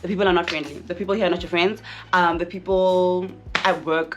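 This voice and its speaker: Frank South African woman vlogging, lower voice. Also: fairly even intonation, fast talker, faint music behind. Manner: frank and chatty, repeats phrases for emphasis. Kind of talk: casual candid vlog talk to camera.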